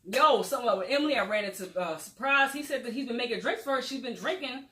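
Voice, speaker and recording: Bright-voiced woman recapping a novel. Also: on the high side, quick pace. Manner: retells scenes, acting out characters' lines. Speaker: book discussion host. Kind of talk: casual book discussion. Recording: echoey room.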